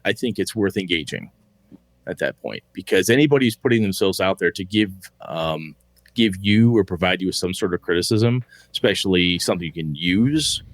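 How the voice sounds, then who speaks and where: Guy with a lowish voice rambling on a gaming podcast, swears a lot, dry close mic. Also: dry recording. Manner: loose, rambling, swears casually, acts out quotes. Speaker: podcast co-host. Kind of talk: casual podcast chat.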